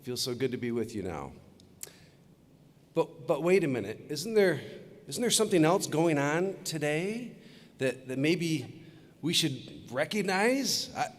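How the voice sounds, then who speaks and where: A man's voice: fairly high pitch, lively intonation, a little slow. A man giving an upbeat commencement speech, telling jokes and stories to the graduates. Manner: upbeat storytelling, leads crowd chants. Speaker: commencement speaker. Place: large arena with long reverb. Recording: long hall reverb.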